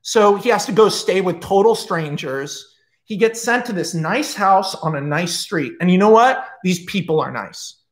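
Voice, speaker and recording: A screenwriter telling a film pitch in a casual, rambling, profane storytelling style, full of energy and asides. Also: male voice, animated, measured pace.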